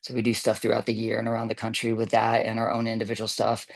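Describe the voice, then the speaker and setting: A man's voice: fairly low pitch, monotone, fast, gravelly. A man telling a casual story in a rambling way, full of fillers and restarts, acting out what others said. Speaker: camp volunteer telling a story. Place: online video call.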